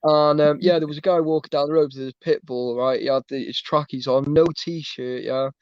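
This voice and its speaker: A man's voice: a little high, fairly even intonation, fairly quick, clear, resonant tone, highs cut off. A man in casual chat on a stream, rambling and calling everyone mate.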